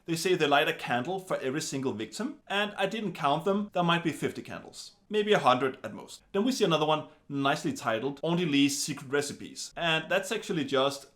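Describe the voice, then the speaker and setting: A man giving a casual film review in an animated, wry way, full of chatty asides. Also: fairly high pitch, brisk, few pauses.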